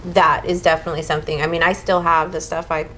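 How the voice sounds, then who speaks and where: A woman's voice: deep voice, little pitch movement, fast, a crowd in the background, rough recording. Chatty young mother on a podcast. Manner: chatty, fillers, acts out her own past thoughts. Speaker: podcast co-host. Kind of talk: casual chat.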